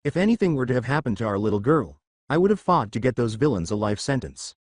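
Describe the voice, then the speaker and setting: A man's voice: medium pitch, big pitch swings, fast talker, no echo. A man voicing a protective, worried frog-like father in a dry storybook fanfic reading. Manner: earnest, protective.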